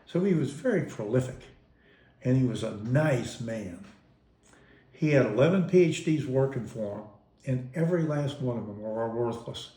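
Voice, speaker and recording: A man's voice: mid-range voice, dark tone. Rambling man recalling family, roomy sound. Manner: rambling, self-interrupting, amused storyteller. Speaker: interviewee. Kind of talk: casual reminiscing. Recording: roomy echo.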